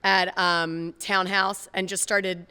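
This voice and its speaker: A woman's voice: on the low side, flat delivery, slow pace, sharp tone, clean tone. A woman co-hosting a TV advice segment, chatty and agreeable. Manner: chatty, agreeable, reads letters. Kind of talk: casual chat. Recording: long reverb.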